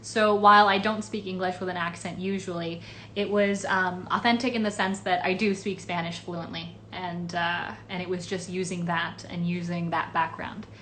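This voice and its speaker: A woman's voice: lowish voice, steady tone, normal speed, few pauses, fairly bright tone, slight background noise. A woman voice actress answering fan questions in a casual livestream, chatty and rambling with many fillers. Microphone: phone or webcam livestream.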